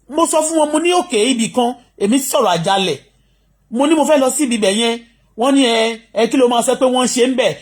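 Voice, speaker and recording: A middle-aged Nigerian vlogger with a Yoruba accent speaks quickly into a phone on a live stream. The voice is somewhat husky, and the talk is an indignant rant that switches between English and Yoruba and keeps asking listeners whether they understand. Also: medium pitch. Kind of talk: impassioned livestream rant.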